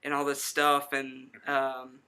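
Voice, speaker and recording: A young man co-hosting a podcast, telling rambling stories in casual chat and quick to laugh. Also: medium pitch, completely flat delivery, sharp tone, smooth. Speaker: podcast co-host.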